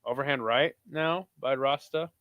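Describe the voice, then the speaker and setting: A man hosting a live watch-along of a kickboxing event. He talks casually and swears a lot, breaking into excited shouts at big moments. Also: medium pitch, moderate pace, no echo, lo-fi sound. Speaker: host.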